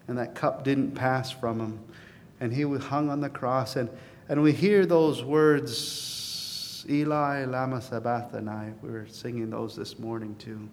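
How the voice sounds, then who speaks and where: A man preaching a sermon as pastor, earnest, swelling to emphatic peaks and then dropping to a softer, confiding tone. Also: mid-range voice, fairly even intonation, a little slow, in a large hall.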